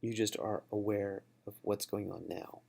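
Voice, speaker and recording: A man's voice: lowish voice, steady tone, normal speed, creaky, mellow. A man telling a personal story in a reflective, conversational way while discussing a book. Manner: reflective, conversational, with fillers and restarts. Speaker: book study host.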